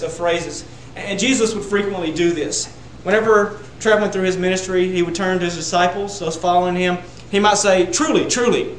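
A man preaching a sermon to a congregation, building to loud emphatic peaks on repeated words. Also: high-pitched, roomy sound, a little hiss or hum, poor audio. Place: church sanctuary.

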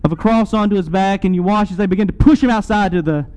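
A man preaching a sermon, retelling a scene dramatically to his listeners and swinging between loud and soft. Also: sits high, quick pace, clean tone, low-quality recording.

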